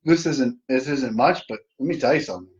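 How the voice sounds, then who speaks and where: A man's voice: medium pitch, brisk, a little mellow, lo-fi sound. A middle-aged man hosting a casual live stream from home, joking at his own expense and talking straight to his viewers. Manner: joking, self-mocking, talks straight to viewers. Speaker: livestream host.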